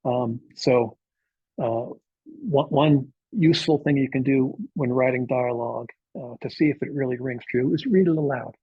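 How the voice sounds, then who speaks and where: A man's voice: mid-range voice, normal speed, husky, no room sound, narrow, tinny audio. A man, a novelist, giving an informal workshop talk to writers, speaking conversationally with frequent filler uhs and checking in with "okay?".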